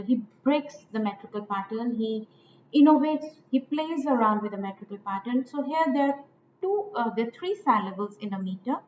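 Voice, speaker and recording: A woman lecturing on poetic meter, slow and deliberate, repeating lines and stressing each syllable. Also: a little high. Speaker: literature teacher. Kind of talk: poetry lecture. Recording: echoey, tinny phone-like audio with faint noise.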